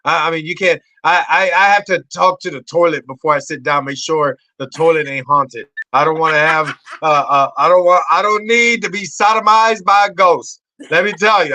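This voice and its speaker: Male podcast guest, forties, excitable raconteur, slightly high and bright. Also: normal speed, dry recording, poor audio. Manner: excitable, swearing, acts out voices in high shouts. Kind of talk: animated storytelling.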